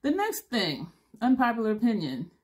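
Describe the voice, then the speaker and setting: A woman's voice: on the high side, huge pitch swings, moderate pace, a little mellow. A woman in her fifties chatting casually to camera as a beauty vlogger, blunt and rambling, laughing now and then, a little tired. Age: 50s.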